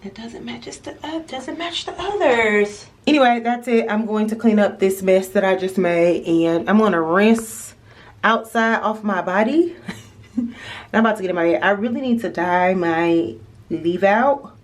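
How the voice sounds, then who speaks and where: A chatty woman talks straight to her viewers in a casual home vlog. Her voice, at a middle pitch, rings through an echoey room, caught by a camera set some way off. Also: moderate pace, distant mic. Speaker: vlogger.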